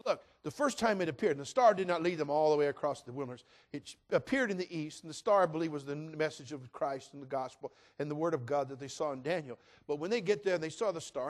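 An older man preaching a sermon in a church in an animated, joking, conversational way. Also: a little high. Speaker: pastor.

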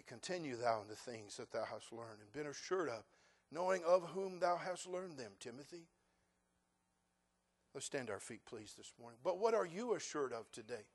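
High-voiced folksy preaching pastor. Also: male voice, slightly rough. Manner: folksy storytelling, rising to loud emphatic preaching. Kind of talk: sermon.

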